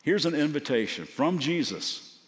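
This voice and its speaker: A man's voice: on the high side, sing-song, moderate pace. A man giving a sermon as a guest preacher, telling a story in a conversational, earnest way. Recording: long hall reverb.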